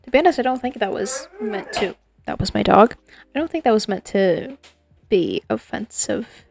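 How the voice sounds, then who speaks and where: Gravelly-voiced woman chatting on a stream. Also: medium pitch, animated, moderate pace, a little mellow, soft background music. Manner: playful, rambling, chatty. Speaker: digital artist streaming to chat. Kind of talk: casual livestream chat with viewers.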